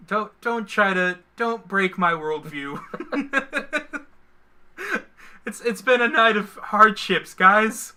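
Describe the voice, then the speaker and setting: A man's voice: high voice, takes it slowly, bright, forceful tone. A man co-hosting a casual live stream, joking and poking fun at himself. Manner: jokey, self-mocking. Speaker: stream co-host.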